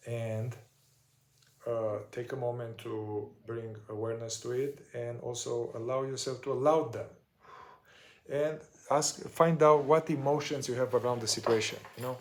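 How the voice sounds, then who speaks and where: A man explains a therapy process one step at a time, in no hurry and pausing often to find his words. His voice sits in a middle register. The room around him rings with a noticeable echo. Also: mid-range voice, a little mellow. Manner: unhurried, searching for words with many fillers. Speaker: somatic shadow work teacher.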